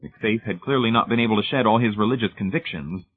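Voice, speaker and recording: Husky low-voiced male audiobook narrator. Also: fast. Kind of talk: scripted narration. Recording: tinny phone-like sound.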